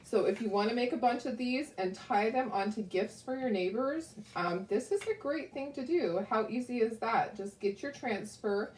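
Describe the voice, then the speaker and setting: A woman's voice: a little high, lively intonation, normal speed, hardly any pauses, a little mellow. A woman hosting a casual craft livestream, talking to viewers with lots of ums and asides, grieving and close to tears. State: grieving and tearful. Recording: echoey room.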